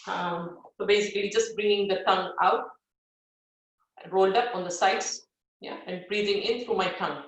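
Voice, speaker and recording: A woman's voice: medium pitch, steady tone, normal speed. Yoga teacher woman in an echoey room. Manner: gentle instructive, frequent "yeah?" check-ins and fillers. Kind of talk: live guided yoga class. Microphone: device set back from the speaker. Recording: very echoey room, far from mic.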